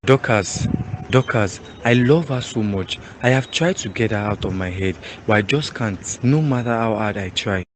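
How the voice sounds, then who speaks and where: A man's voice: fairly low pitch, lively intonation, moderate pace, slight background noise, natural voice. An actor playing a lovesick young man who begs a woman to accept him. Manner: begging, pining.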